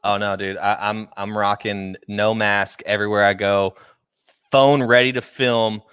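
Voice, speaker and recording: A man's voice: on the low side, flat delivery, unhurried, fairly bright tone, clean tone, no room sound, clean studio sound. A young adult man co-hosting a podcast in casual, jokey chat, often trailing off mid-sentence. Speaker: podcast co-host.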